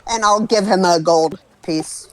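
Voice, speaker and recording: A man's voice: high voice, unhurried, fairly bright tone. A man playing a tabletop game, speaking hesitantly with many fillers. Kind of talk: casual play at a tabletop game.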